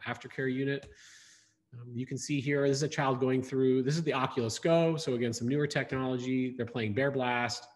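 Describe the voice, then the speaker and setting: A man presents research slides at a conference, in an explanatory manner. His voice sits at a middle pitch, and he often pauses with ums or restarts a phrase.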